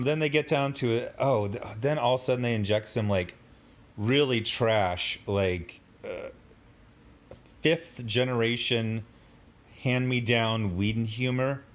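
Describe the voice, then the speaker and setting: A man hosting a casual review, sarcastic and exasperated, rambling with lots of fillers and mocking asides. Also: fairly low pitch. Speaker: commentary host.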